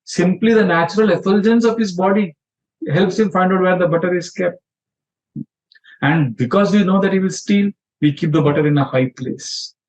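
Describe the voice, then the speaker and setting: A man giving a scripture lecture as a spiritual teacher, narrating stories in an animated way and acting out the quotes. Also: high-pitched, normal speed. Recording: dull lo-fi sound.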